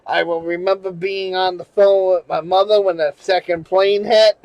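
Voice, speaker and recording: A man's voice: sits high, steady tone, moderate pace, a little mellow, no room sound, muffled recording. A man from New England telling a personal story in a rambling way, with restarts and swearing. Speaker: channel host. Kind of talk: casual storytelling monologue.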